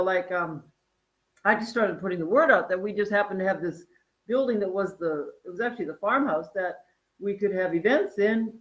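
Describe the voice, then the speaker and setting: A woman in her fifties from North Dakota, a guest chatting casually about her wellness farm, animated and full of fillers and laughs. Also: medium pitch, rough recording. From North Dakota, USA. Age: 50s. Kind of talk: casual interview chat.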